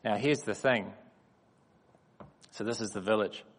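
Man preaching in a reverberant hall. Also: on the low side. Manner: measured, emphatic preaching with deliberate pauses. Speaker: guest speaker at a church. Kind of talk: sermon with personal stories.

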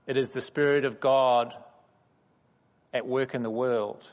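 A man preaches with measured emphasis, letting each phrase land before the next. His voice sits at an ordinary middle pitch. The sound carries a long reverb from a large hall. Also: steady tone. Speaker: guest speaker at a church. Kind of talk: sermon with personal stories.

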